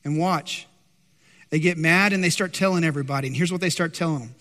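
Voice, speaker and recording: A man preaching a sermon as pastor, impassioned and animated, acting out worried disciples with a lifted voice. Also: fast. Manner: impassioned, acts out anxious disciples in higher voice. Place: church sanctuary. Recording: long hall reverb.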